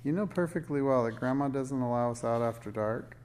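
A man's voice: mid-range voice, fairly quick, darkish tone, smooth, natural voice. A man voicing a sensible, slightly bossy older girl in a storybook reading. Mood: eager.

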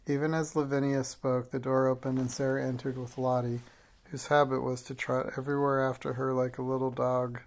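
An audiobook reader narrating a classic children's novel in an even, measured way, with occasional small slips. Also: mid-range voice.

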